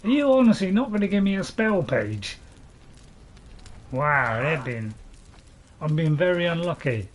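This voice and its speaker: Chatty man, lively pitch. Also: measured pace, long pauses. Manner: chatty, rambling, chuckles to himself. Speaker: gaming video host. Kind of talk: casual gameplay commentary.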